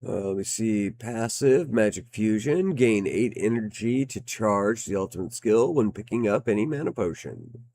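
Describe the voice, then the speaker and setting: A man's voice: fairly low pitch, expressive, moderate pace, dark tone. A man giving casual gameplay commentary as a game reviewer. He is slightly out of breath, swears now and then and reads game text aloud. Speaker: game reviewer playing on stream.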